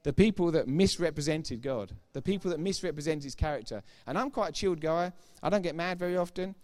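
A man's voice: a little high, fast talker, darkish tone. A middle-aged man preaching a sermon, emphatic and informal, repeating key phrases for effect and throwing chatty asides to the congregation. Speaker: pastor.

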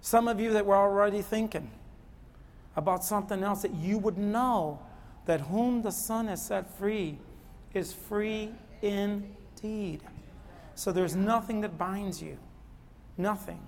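A man's voice: high-pitched, slow, creaky, a little hiss or hum. A man preaching a sermon as pastor, impassioned and repeating phrases for emphasis. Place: church sanctuary. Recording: long hall reverb.

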